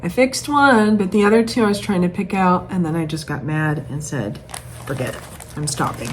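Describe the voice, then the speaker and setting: A woman's voice: medium pitch, moderate pace. A woman in a casual home vlog, chatting in a rambling, self-mocking way about her stitching projects. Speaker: cross-stitch vlogger. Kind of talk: casual chat. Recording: faint background noise.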